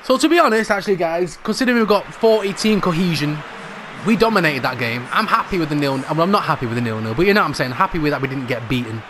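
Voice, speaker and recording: A young man commentating live on his own football video game match, excitable and jokey, swearing mildly and shouting at near misses. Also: a little high, fast talker, background noise. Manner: excitable, shouts at big moments; calls players "brothers", mild swearing. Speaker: gaming YouTuber.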